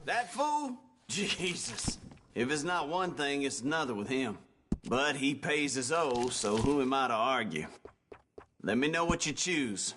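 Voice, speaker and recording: An actor playing a weary frontier shopkeeper in a video game, dry and exasperated. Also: male voice, mid-range voice, big pitch swings, unhurried, noisy background.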